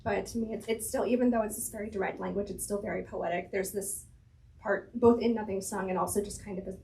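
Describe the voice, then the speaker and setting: A woman's voice: mid-range voice, fairly even intonation, fast talker, gravelly, warm tone, a little hiss or hum, rough recording. A woman chatting as an author guest in an interview, thinking aloud, laughing often, her voice slightly strained. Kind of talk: casual conversational interview.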